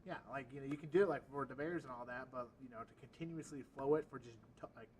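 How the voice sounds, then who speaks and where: A man co-hosting a casual chat, talking quickly and using lots of filler words. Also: medium pitch, a little mellow, husky, recorded from a distance, poor audio. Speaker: co-host.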